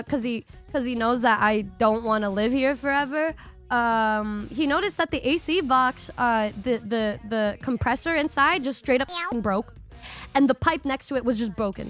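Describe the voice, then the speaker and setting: A young woman streamer casually telling her viewers a long story, rambling and animated, swearing freely and acting out what people said. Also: high voice. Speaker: VTuber streamer.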